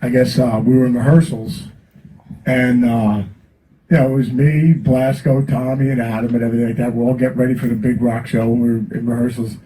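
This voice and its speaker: A man's voice: medium pitch, level tone, fairly quick, mellow, a little hiss or hum, low-quality recording. A man, the guest musician at a Q&A, telling rambling stories full of fillers and laughter. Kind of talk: casual storytelling to an audience. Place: record store event.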